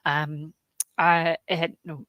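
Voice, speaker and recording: A woman hosting a live stream, chatting warmly and greeting viewers by name, with many "um"s, emotional and close to tears. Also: deep voice, little pitch movement, drawn-out words, no echo, dull audio. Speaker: host, genealogy research specialist.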